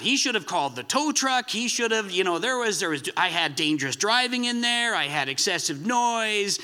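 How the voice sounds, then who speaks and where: A man's voice: high voice, animated, normal speed, hardly any pauses, bright, forceful tone. A man preaching a sermon in a chatty, self-deprecating storytelling way, with many restarts. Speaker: pastor.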